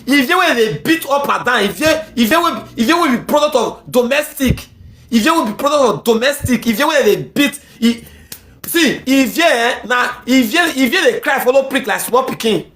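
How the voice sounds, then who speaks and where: A woman's voice: high voice, lively intonation, normal speed, a bit bright. A woman with a Nigerian accent ranting angrily in heated social media commentary. She repeats herself often and mixes pidgin with English.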